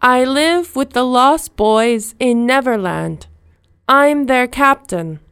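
A woman voicing the boy Peter Pan, eager and bold, in a slow, clear storybook reading. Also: high-pitched, expressive, fairly bright tone, no room sound, clean studio sound, heavily acted.

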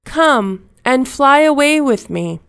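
A woman's voice: sits high, animated, takes it slowly, creaky, a bit bright, no room sound, studio quality, full character voice. Woman reading as eager boy Peter Pan. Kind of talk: storybook reading.

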